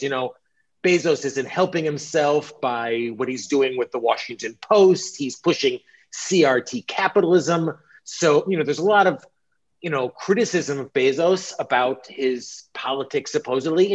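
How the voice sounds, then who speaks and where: Upbeat man on dull lo-fi audio. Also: a little high. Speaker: panelist. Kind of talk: casual panel chat.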